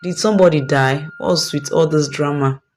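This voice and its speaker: A woman's voice: deep voice, normal speed, a little mellow, a little hiss or hum, close to an everyday voice. A woman voicing a pampered, careless young son with a flippant, dismissive manner.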